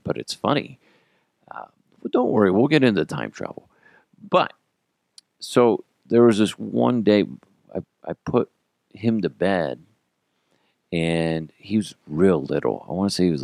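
A man hosting a podcast, telling profane, animated comedic stories about parenting and acting out the quotes. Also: deep voice, vocal fry, no echo, studio quality. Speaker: podcast host. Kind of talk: casual comedic storytelling.

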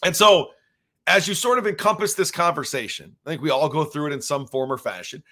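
A man's voice: fairly high pitch, animated, brisk, pushed and bright. A man hosting a solo podcast, talking casually and rambling with plenty of fillers as he shares his reactions as a father. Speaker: podcast host.

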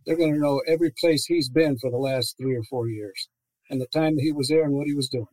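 A man's voice: medium pitch, quick pace, darkish tone, poor audio. A middle-aged man from Las Vegas, a retired homicide detective answering as a panel guest, confident and matter-of-fact. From Las Vegas, USA.

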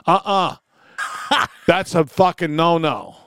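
A man's voice: fairly high pitch, slow, gravelly, sharp tone, clear, resonant tone, no room sound, studio quality. A middle-aged man hosting a podcast, trading crude jokes and acting out bathroom scenes with lots of laughter. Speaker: podcast host. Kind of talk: crude comedic banter.

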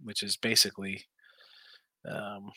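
A worn-out man rambles through a betting stream, laid-back and slangy, his voice bright and forward. The sound is close and dry, with no room around it. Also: on the low side, little pitch movement, unhurried, breathy edge, dry recording. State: tired, yawning, injured arm. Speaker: sports betting show host. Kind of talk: casual live-stream chat reading viewer comments.

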